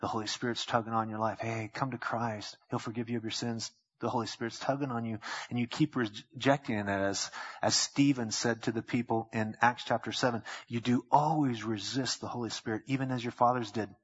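Preaching pastor, husky lo-fi recording. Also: male voice, steady tone, fairly quick, hardly any pauses. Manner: preaches with quoted voices and sudden pitch leaps. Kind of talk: sermon.

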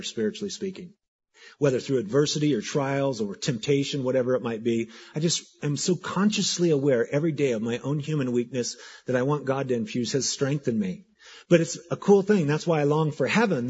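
A man preaching a sermon as pastor, talking in an animated, conversational way and repeating words for emphasis. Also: mid-range voice, slightly rough, lo-fi sound.

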